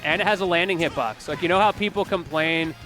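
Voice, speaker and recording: A man's voice: on the high side, quick pace, sharp tone. A man commentating a fighting game tournament, chatty and explanatory, breaking down plays and talking to the chat. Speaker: esports commentator. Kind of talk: casual analytical commentary.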